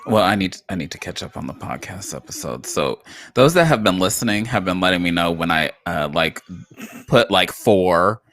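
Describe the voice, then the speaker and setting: A man co-hosting a loose live-stream talk show, chatty and rambling, with a lot of ums and restarts. His pitch swings around a lot as he talks. The sound is close and dry, with no room echo. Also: expressive, normal speed, fairly bright tone. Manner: chatty, rambling, lots of fillers and self-corrections. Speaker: co-host. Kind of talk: casual live-stream chat.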